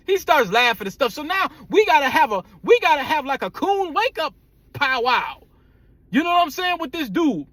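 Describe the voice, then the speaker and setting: A man's voice: very high-pitched, moderate pace, no echo. A man from the United States telling a blunt, profane story in a casual rant, acting out the people in it. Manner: blunt, profane, animated retelling with acted quotes. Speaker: vlogger.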